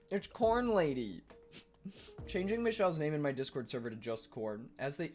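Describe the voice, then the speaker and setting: A man streaming live in a casual chat, reading viewers' messages aloud and answering them while he eats, quick to argue and defensive. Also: fairly high pitch, animated, a little mellow, faint music behind.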